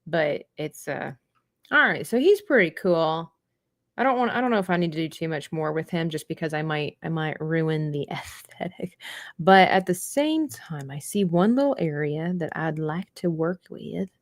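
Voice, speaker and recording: A young woman talks as she paints, chatty and rambling, often trailing off. Her voice sits fairly low, and the recording is close and dry with no room sound. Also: lively intonation, normal speed, no room sound. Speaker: livestreaming artist. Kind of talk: casual chat while painting.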